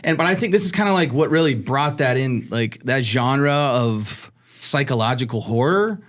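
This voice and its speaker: A man's voice: mid-range voice, animated, moderate pace, a bit bright. A man with a middle-range voice chatting casually as a podcast co-host. He talks with eager enthusiasm, stringing his thoughts together loosely. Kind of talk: casual chat.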